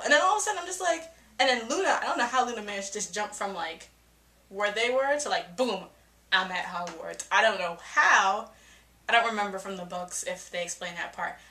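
Brief: young woman vlogger, excitable and profane, acts out her reactions, crisp bright tone, echoey room. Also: on the high side, a little fast. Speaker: film reviewer. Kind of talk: casual movie reaction vlog.

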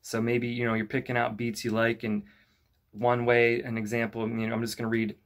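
A man's voice: mid-range voice, fairly quick. Laid-back man teaching rap basics. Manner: relaxed and conversational, with many fillers like "you know" and "kinda". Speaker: youth club rap instructor. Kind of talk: casual instructional talk to camera.

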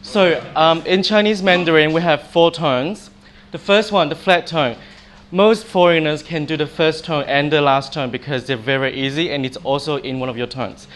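A man's voice: a little high, moderate pace, fairly bright tone, a little hiss or hum. A man teaching a short informal language lesson, demonstrating sounds by example. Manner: friendly, demonstrates tones by example.

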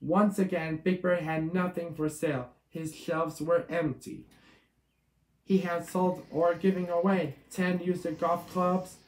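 A man's voice: on the high side, flat delivery, takes it slowly. Man reading a picture book in an echoey room. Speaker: storybook reader. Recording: echoey room with guitar music.

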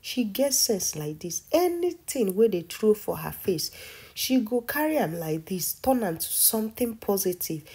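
A woman's voice: mid-range voice, dark tone, husky. A woman with a Nigerian accent giving casual commentary in a vlog, talking emphatically and repeating herself for stress. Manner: repetitive, emphatic, admiring. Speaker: vlogger.

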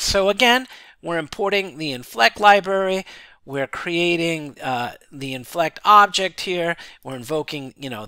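A man walking through a programming tutorial in a chatty, casual way, often checking in with "right?" and filling pauses. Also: on the high side, bright, forceful tone, smooth, no room sound. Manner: chatty, frequent "right?" check-ins and fillers. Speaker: programming instructor.

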